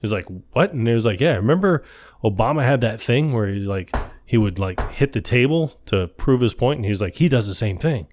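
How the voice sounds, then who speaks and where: A man's voice: medium pitch, animated, fairly quick, a little mellow, slight background noise. A man co-hosting a podcast, recapping a film in casual chat, quoting scenes in funny voices and laughing often. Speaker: podcast co-host.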